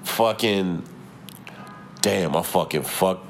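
A man's voice: deep voice, slow, creaky, a little hiss or hum. A young adult man hosting his own podcast, talking in a profane, heated, rambling rant. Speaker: podcast host. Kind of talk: casual solo podcast rant.

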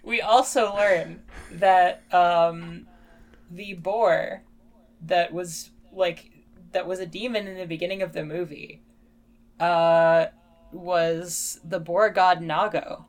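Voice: medium pitch, steady tone, slow pace. A podcast co-host in casual chat, adding dry quips and short reactions.

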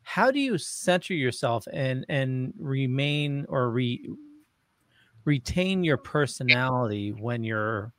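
A man hosting an interview, reading viewer questions aloud in a halting, casual way. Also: medium pitch, expressive, fairly bright tone, no room sound, clean studio sound.

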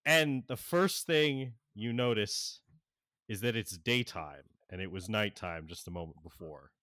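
Game master, male, slow and halting, bright dry voice. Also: lowish voice, no echo. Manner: halting, lots of fillers, laughs often. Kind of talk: narrating a tabletop game.

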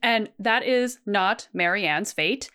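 A woman's voice: mid-range voice, takes it slowly, sharp tone, clear, resonant tone. A woman co-hosting a literary podcast, explaining a passage and reading quotes aloud. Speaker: podcast co-host. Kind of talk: casual literary discussion.

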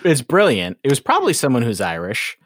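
A man's voice: medium pitch, wildly swooping pitch, brisk, dry recording, clean studio sound. A man hosting a podcast in casual chat, rambling and joking, often laughing mid-sentence. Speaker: podcast host.

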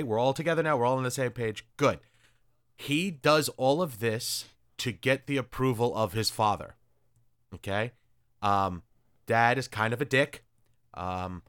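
A man hosting a casual chat, retelling stories in an animated, sarcastic way with crude asides. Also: medium pitch, clean tone, no echo, clean studio sound. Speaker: podcast host reviewing comics.

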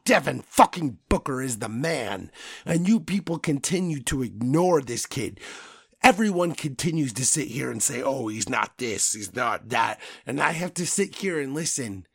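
A man hosting a podcast, delivering a loud, profane, angry sports rant. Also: fairly high pitch, gravelly, breathy edge, no room sound, studio quality. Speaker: podcast host.

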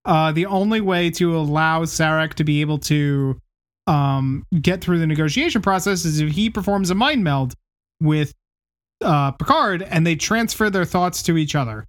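A man with a voice on the high side co-hosts a casual podcast chat, recapping the plot with lively intonation at a moderate pace. He laughs and swears plenty, and the clean studio recording has no room sound.

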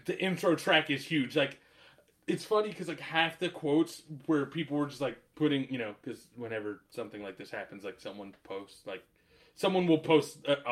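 A man hosting a podcast in casual chat, animated, laughing often and swearing, with lots of filler words. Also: medium pitch. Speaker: podcast host.

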